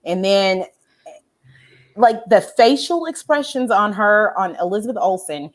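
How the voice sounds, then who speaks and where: A woman's voice: mid-range voice, measured pace. A woman co-hosting a casual pop culture show, reading out viewer questions and talking animatedly, often checking in with "right?". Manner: animated, reads viewer questions aloud, frequent restarts and "right?". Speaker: co-host.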